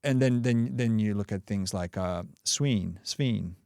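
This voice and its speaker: Aussie guy chatting on a podcast, lowish voice, dry close sound, lots of um and like. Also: unhurried, mellow, clean tone, no room sound. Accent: Australian. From Australia. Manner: rambling, loose, many restarts and fillers. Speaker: podcast guest, breathwork coach. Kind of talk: casual conversational interview.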